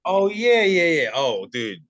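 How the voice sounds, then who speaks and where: A man co-hosting a casual movie podcast, reacting with excited "dude" and "bro". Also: on the high side, slow, no echo. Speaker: podcast co-host.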